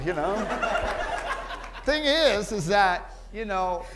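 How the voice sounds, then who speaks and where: A man's voice: sits high, lively intonation, drawn-out words. A male stand-up comedian telling a story to a live audience in a chatty way. He keeps tagging his lines with "right?". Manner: conversational, keeps asking "right?". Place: indoor venue with a live audience. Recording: live room with noisy crowd.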